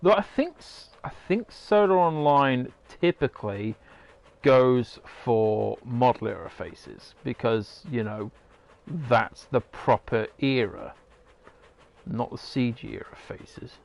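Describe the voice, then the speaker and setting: A man's voice: medium pitch, animated, slow, creaky, a little mellow. A man giving rambling, casual commentary while playing a game, swearing now and then. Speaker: gamer.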